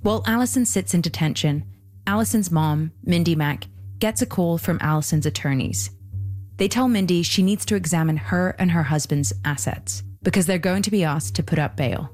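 A woman hosting a podcast, reading scripted documentary narration in a measured, even way. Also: on the low side, soft background music.

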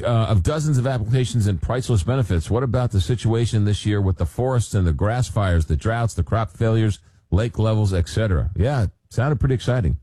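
A man's voice: fairly low pitch, mellow, dry recording. A man hosting a call-in radio talk show, reading listener messages aloud and stumbling through filler words. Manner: reads listener messages aloud, halting with many uhs.

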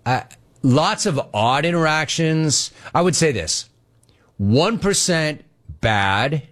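Sports radio host answering listener mail. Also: male voice, on the high side, animated, slow pace, fairly bright tone. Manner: storytelling, mimics people in anecdotes. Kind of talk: casual listener Q&A.

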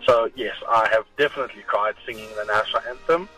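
A man's voice: lowish voice, fast, over music, rough recording. A man from South Africa, calling in to the show with an upbeat voice note. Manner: upbeat, greets the team like a friend. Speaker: caller leaving a voice note.

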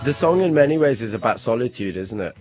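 A man interviewing guests, asking gentle, probing questions. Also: mid-range voice, expressive, fast talker, music in the background. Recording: dull lo-fi recording.

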